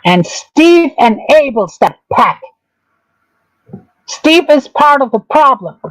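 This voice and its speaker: A woman rants on her own livestream. Her voice sits a little high, and she talks hotly and profanely. She repeats her jabs over and over to drive them home. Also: very animated, takes it slowly, poor audio. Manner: angry, profane, repetitive ranting. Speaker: streamer. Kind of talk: livestream drama commentary.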